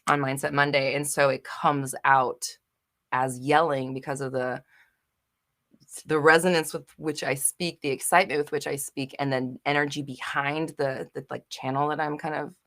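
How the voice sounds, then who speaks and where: A young adult woman hosting a live manifestation Q&A chat, expressive and loud, who swears freely and slips into shouty rants. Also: low voice, normal speed. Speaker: manifestation channel host.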